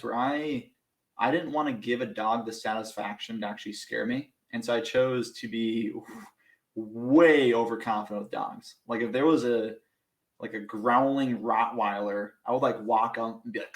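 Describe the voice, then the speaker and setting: A man's voice: medium pitch, a little slow, reverberant, rough recording. Young man telling stories animatedly. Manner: animated, self-mocking, laughs through stories. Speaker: podcast guest. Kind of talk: casual storytelling.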